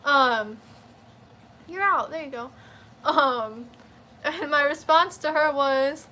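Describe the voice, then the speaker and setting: A young woman telling a profane, animated story in a casual storytime rant. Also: high-pitched. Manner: profane, animated, quick to flare up. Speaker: vlogger.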